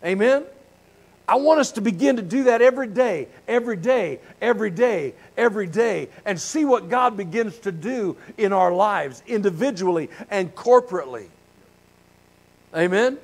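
In a church sanctuary, a man in his sixties with a high, expressive voice speaks at a normal pace on a poor-quality recording. He's a pastor who prays fervently, then moves into a casual sermon delivered in a folksy, candid style.

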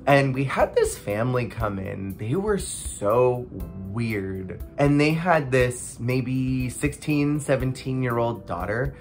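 A casual vlog storyteller with a blunt, wry way of talking. The voice sits at a middling pitch and shifts into animated, playful tones when acting out other people. Faint music plays underneath. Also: slow pace, hardly any pauses. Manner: animated, acts out quoted people. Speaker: former theme park cast member.

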